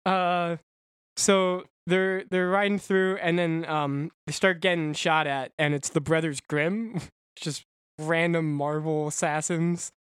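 A podcast co-host casually recaps a comic book. The telling rambles, with plenty of fillers and quick laughs, and the voice sits at a middle pitch. The recording is dry and close-miked. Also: fairly even intonation, smooth, dry recording.

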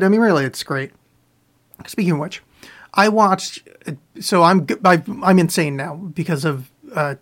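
A man's voice: on the high side, fairly bright tone. Rambling, profane podcast man. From US East Coast. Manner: rambling, profane, self-mocking. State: sore throat. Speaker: podcast host. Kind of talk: casual live-stream chat answering listener questions. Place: home, live on video stream.

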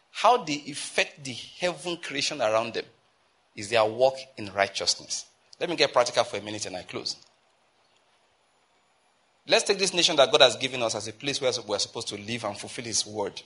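A Nigerian man preaching from the pulpit, his voice husky and a touch breathy. He drives his points home emphatically, climbing into urgent appeals and then stretching out key phrases slowly for weight. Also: medium pitch, bright, forceful tone. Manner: emphatic preaching, rising to urgent exhortation and slowing to stress phrases. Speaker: pastor. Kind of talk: sermon.

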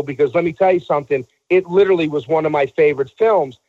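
A man's voice: on the high side, quick pace, warm tone, highs cut off. A man telling a story in a casual talk show, acting out the voices of the people he quotes.

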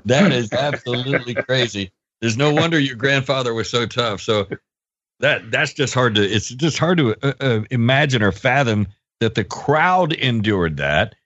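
A man co-hosting a podcast in casual chat, reacting with amazement and asking halting questions. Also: mid-range voice, expressive, fairly bright tone, no room sound. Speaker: podcast co-host. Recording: dry, dull lo-fi sound.

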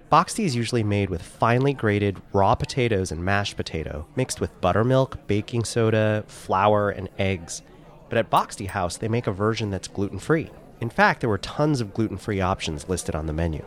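A man's voice: fairly low pitch, animated, moderate pace. A man with a stuffed-up nose from a cold, telling travel and food stories in a casual chat with his co-host. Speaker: podcast co-host.

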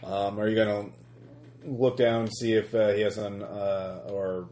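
A man's voice: on the low side, level tone, measured pace, dark tone, reverberant, slight background noise. A man narrating a tabletop horror game as game master, talking in a hesitant way with many fillers and restarts.

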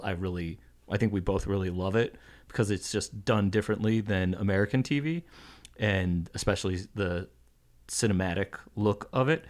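A man comedy writer guesting on a podcast, explaining in a relaxed, rambling way. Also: fairly low pitch. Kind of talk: casual chat.

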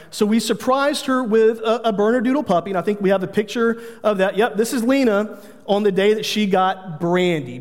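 A man's voice: sits high, big-room sound. A man, preaching a sermon in an earnest manner, telling family stories with humor. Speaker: pastor.

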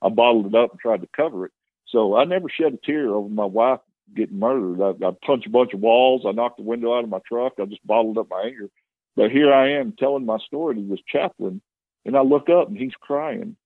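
This interview guest, a man of medium pitch, relates his own testimony at a brisk clip, straightforward and heartfelt. His voice comes through a thin, phone-like connection, dry and free of any room sound.

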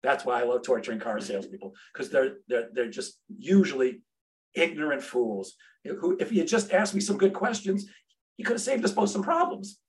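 A man's voice: medium pitch, expressive, normal speed. A middle-aged man, a sales trainer and podcast guest, telling a brash, humorous story and acting out the dialogue.

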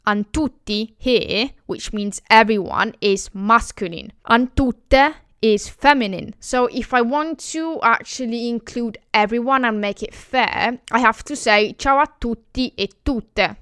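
A chatty woman from Italy speaks English with a clear Italian accent, and her voice sits a little high. She giggles often and restarts her sentences as she explains her language. The sound is smooth and dry, with no room echo. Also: measured pace, hardly any pauses, a bit bright. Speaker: language vlogger. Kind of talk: casual explainer.

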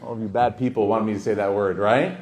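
A man's voice: on the low side, steady tone, quick pace, a little mellow. A man teaching a religious study circle in a casual, joking way. He tells anecdotes and acts out the dialogue. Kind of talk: informal religious lesson.

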